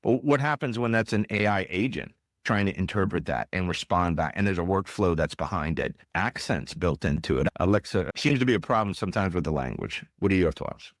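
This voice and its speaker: A man hosting a podcast interview, telling lively anecdotes in a casual way. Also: low-pitched, fairly quick, dry recording, studio quality. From United States. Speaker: podcast host.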